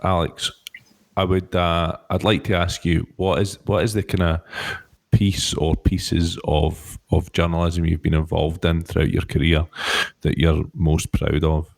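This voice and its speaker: A man interviewing a guest, asking questions in a halting way and restarting his phrases often. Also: sits low, little pitch movement, vocal fry, dry recording. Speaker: podcast interviewer.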